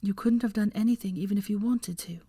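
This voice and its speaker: A woman voicing a gentle young woman in a fan fiction reading, speaking softly and soothingly in near-whispers. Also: medium pitch, animated, unhurried, slightly rough, dry recording, clean studio sound, pitched above the performer's own voice. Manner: soft, hushed, soothing.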